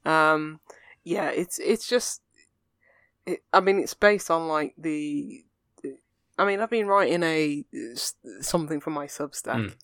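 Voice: mid-range voice, slow pace, fairly bright tone, no room sound. Rambling podcast co-host, dry sound. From England. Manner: rambling and earnest, full of fillers and restarts. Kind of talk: casual chat.

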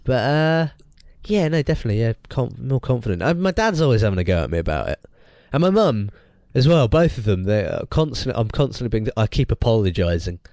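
A man's voice: mid-range voice, fairly quick, few pauses, no echo, studio quality. A young man, co-hosting a podcast in casual chat and rambling through stories with lots of restarts. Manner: rambling, restarts often, animated storytelling. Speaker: podcast co-host.

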